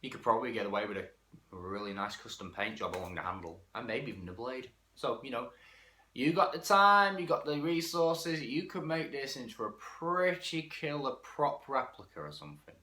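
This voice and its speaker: Casual male toy reviewer; frank and self-correcting, lively delivery, roomy sound. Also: medium pitch, normal speed. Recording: echoey room.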